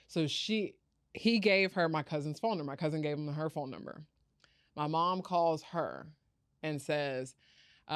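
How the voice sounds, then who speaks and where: A woman's voice: deep voice, normal speed, dry recording, studio quality. A woman guest telling a personal story in an interview, acting out the people she quotes. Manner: animated storyteller, acts out quoted voices. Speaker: podcast guest, founder.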